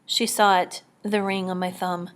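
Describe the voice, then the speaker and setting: A woman narrating an audiobook in the first person, quiet and measured, often near a whisper. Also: fairly low pitch, little pitch movement. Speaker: audiobook reader.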